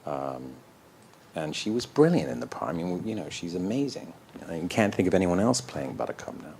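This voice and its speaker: A man, a guest in an interview, telling animated, self-deprecating stories and acting out the voices. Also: deep voice, normal speed, creaky, slight background noise. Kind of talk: anecdotal storytelling in an interview.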